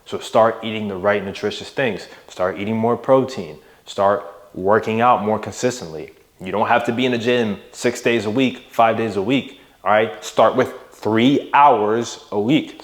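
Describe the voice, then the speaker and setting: A young adult man coaching viewers in a motivational monologue, casual and emphatic, pushing his voice up and down to stress words and checking in with "right?". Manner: emphatic, varies loudness and pitch for emphasis, casual with "bro" and "right?". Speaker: mindset and fitness coach.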